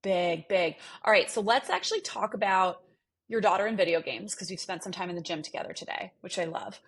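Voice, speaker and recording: A woman's voice: medium pitch, expressive, brisk, slightly rough. A woman hosting a podcast interview, responding with affirmations and asking casual questions. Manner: warm and affirming, asks questions, many fillers like "like" and "um". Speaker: podcast host.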